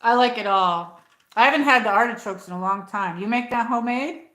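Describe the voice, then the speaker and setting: A woman's voice: a little high, fairly quick, pushed and bright. A middle-aged American woman chatting casually on her livestream, rambling and reading viewer comments aloud. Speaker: livestream host. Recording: echoey room.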